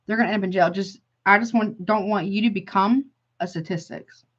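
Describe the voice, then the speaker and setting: A woman's voice: mid-range voice, fairly even intonation, a little fast, lo-fi sound, slight background noise. A woman giving a casual tarot reading, blunt and emphatic, often exclaiming and calling the listener honey. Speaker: tarot reader.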